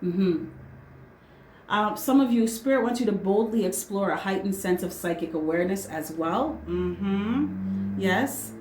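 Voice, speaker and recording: A woman's voice: medium pitch, expressive, unhurried, a little mellow, slight background noise. A woman giving a casual tarot reading, blunt and slangy, swearing freely and hammering her points home with "right?" and "okay?". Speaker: tarot reader. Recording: roomy echo.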